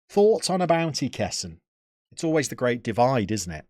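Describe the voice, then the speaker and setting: A man's voice: medium pitch, no room sound, clean studio sound. Chatty man streamer. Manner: chatty, joking, opinionated banter. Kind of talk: casual chat answering live chat.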